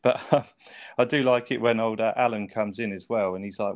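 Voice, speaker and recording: A man's voice: fairly low pitch, steady tone, fast talker. A man, chatting casually as a podcast co-host, swearing and laughing often. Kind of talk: casual chat.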